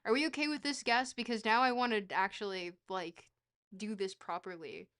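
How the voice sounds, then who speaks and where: Her voice is mid-range and moves at a normal speed as she plays a geography guessing game for her stream. She chats loosely, teases herself, and erupts in excited shouts.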